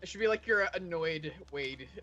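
A man's voice: on the high side, lively intonation, moderate pace, pushed and bright, dull audio, faint music behind. A man bantering and laughing with friends over voice chat while playing a game. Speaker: co-player on voice chat. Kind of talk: casual gaming chat.

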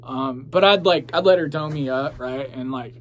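A man's voice: on the high side, moderate pace. Rambling, profane man with a faint hum. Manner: rambling, profane, lots of fillers. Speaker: vlogger telling his own story. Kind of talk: casual storytelling to camera.

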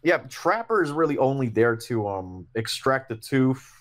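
A man guesting on a film review podcast, giving his views in a measured, thoughtful way. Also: mid-range voice, expressive. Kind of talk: casual review chat.

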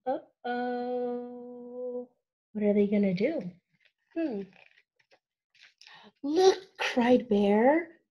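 Slow, high-voiced woman reading to kids. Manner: animated, gasps often, drawn-out sound words; asks the young listener questions. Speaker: children's story reader. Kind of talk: reading a picture book aloud to young children.

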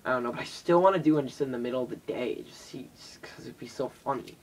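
A teenage boy talks to his camera in a loose, rambling vlog, swearing often. His voice swings from loud bursts to hushed whispers and at times drifts away from the microphone, so it sounds more distant. His pitch sits in the middle for a young man. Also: quick pace. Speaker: vlogger. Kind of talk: casual vlog chat. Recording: voice drifting off the mic.

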